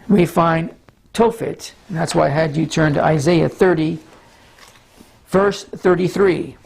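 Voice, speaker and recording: A man with a scratchy, hoarse voice preaches in a measured teaching manner, now and then stumbling over words. His tone sits a little high and carries a gravelly, husky roughness. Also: darkish tone. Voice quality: scratchy, throat-clearing. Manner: measured Bible teaching with frequent small stumbles. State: hoarse from allergies. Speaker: pastor. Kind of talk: sermon teaching with a map.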